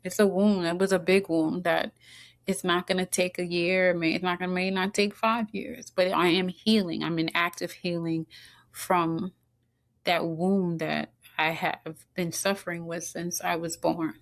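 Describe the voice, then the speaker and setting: A middle-aged woman speaks slowly, in a fairly low voice. She is earnest and halting and restarts her sentences often. At times she sounds tearful and choked up as she shares her story. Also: flat delivery. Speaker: podcast guest. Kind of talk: personal storytelling interview.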